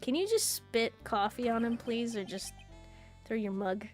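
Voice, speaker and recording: A woman's voice: on the high side, sing-song, unhurried, faint music behind. A woman streaming a game, joking and self-mocking as she reads along. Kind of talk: casual game stream commentary.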